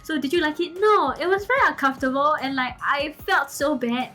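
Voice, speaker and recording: A young woman, casually telling a story to her chat, animated and giggly, full of okay and like. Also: high voice, a little fast, soft background music. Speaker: streamer.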